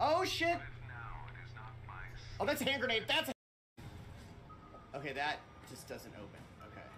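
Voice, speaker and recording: A man's voice: high-pitched, huge pitch swings, measured pace, soft background music. Swearing male game streamer. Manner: loud swearing outbursts, rambling. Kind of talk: casual game livestream commentary.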